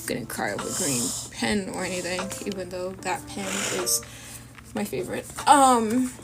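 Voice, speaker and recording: A woman's voice: mid-range voice, big pitch swings, moderate pace. Chatty woman drawing on stream. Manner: chatty, rambling, self-deprecating asides. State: sniffly from a runny nose. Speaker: art streamer. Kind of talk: casual chat while drawing. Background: lofi music.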